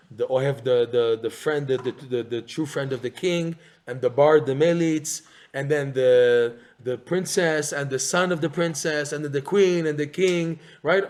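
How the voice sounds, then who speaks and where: A man giving an animated Torah class, repeating phrases and firing rhetorical questions. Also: mid-range voice. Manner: excitable, rhetorical questions, repeats phrases, mixes in Hebrew terms. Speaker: Torah teacher.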